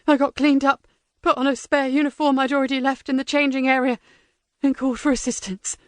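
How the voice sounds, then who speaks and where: A woman's voice: sits high, level tone, brisk, no room sound, clean studio sound, voice pushed up, lightly acted. Woman doing a panicked, pleading male prison guard. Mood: desperate. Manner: desperate, breathless pleading.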